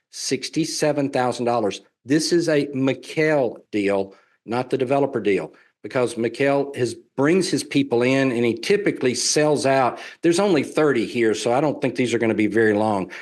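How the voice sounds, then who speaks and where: A man with a Southern US accent giving a sales presentation on real estate investing, folksy and persuasive, repeating his key points. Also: medium pitch.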